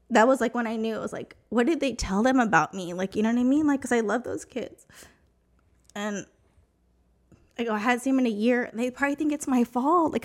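A woman from New Mexico, a guest on a podcast, tells a personal story in casual, emotional, rambling talk packed with fillers. Her voice is a little high.

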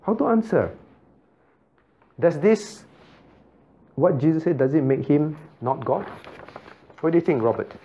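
A man's voice: on the high side, animated, a little slow, long pauses, breathy edge. A man, a pastor teaching a Bible study who keeps asking the class questions and repeating key points. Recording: dull lo-fi recording.

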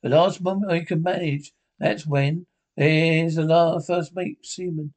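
A man's voice: fairly high pitch, steady tone, unhurried, darkish tone, natural voice. Long John Silver, a swaggering old pirate, voiced by a man. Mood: commanding. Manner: rough sailor dialect, swaggering. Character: cunning boastful old pirate quartermaster, man.

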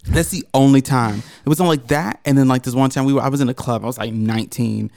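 A man co-hosting a podcast, telling a story in casual chat, animated and profane, jumping into high mocking quotes. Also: quick pace, vocal fry, no room sound, clean studio sound.

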